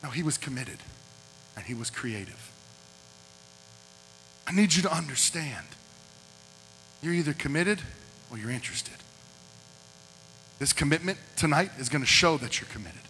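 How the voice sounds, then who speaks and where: Punchy high-voiced youth pastor, bright. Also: male voice, animated, moderate pace, pauses often. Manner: punchy, repeats short lines. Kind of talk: youth service sermon. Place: large hall with a youth group. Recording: echoey hall with mains hum.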